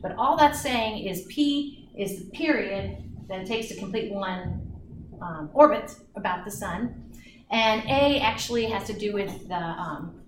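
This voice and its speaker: A woman's voice: medium pitch, far from the mic, a little hiss or hum. A woman lecturing an astronomy class, chatty and full of restarts, sometimes acting out orbits with sound effects. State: out of breath. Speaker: astronomy instructor. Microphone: far from the mic. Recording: echoey classroom recorded from afar.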